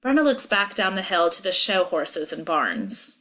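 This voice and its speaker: A woman teacher reading a chapter book aloud, acting out the dialogue expressively. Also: moderate pace. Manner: expressive, acts out dialogue with big pitch jumps. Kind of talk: read-aloud storytelling.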